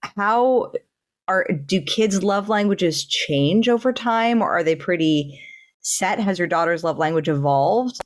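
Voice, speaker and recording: A woman hosts a podcast interview in a low-pitched voice. She is upbeat and affirming and laughs easily between her questions. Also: measured pace. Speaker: podcast host. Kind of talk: interview hosting.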